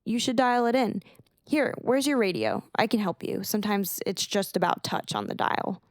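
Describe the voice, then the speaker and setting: A woman's voice: medium pitch, lively intonation, moderate pace, no room sound, clean studio sound, voice pushed up, close to an everyday voice. A woman voicing a nervous teenage girl who stammers and rambles on. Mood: rambling. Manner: stammering, talks on when nervous.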